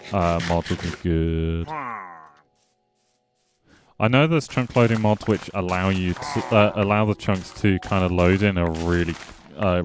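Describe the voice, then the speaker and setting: Chatty low-voiced man streaming a game. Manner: rambling and chatty, talks back to chat; playful, jokes at viewers. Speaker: gaming streamer. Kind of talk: casual gameplay commentary.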